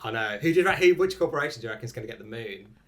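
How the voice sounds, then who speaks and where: A man's voice: mid-range voice, lively intonation, rapid-fire, a bit bright. A man, a comedian guest talking in a rambling, laid-back way in a panel chat.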